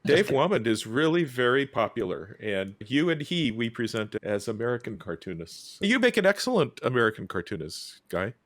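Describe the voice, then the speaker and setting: A man hosting a casual panel chat, wry and joking as he reads out cartoon captions in quick funny voices. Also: medium pitch, very animated, a bit bright. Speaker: podcast host presenting cartoons.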